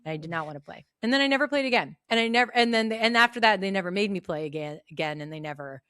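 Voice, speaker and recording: A woman's voice: rapid-fire, clean tone, dry recording, clean studio sound. A middle-aged woman co-hosting a casual podcast, telling stories and acting out quotes. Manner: animated storyteller, acts out quotes in a high voice. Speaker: podcast co-host. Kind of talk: casual chat.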